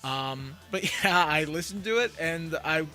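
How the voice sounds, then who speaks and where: Animated higher-voiced podcast co-host man. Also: moderate pace, soft background music. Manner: animated, acts out quotes in silly voices. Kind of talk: casual music chat.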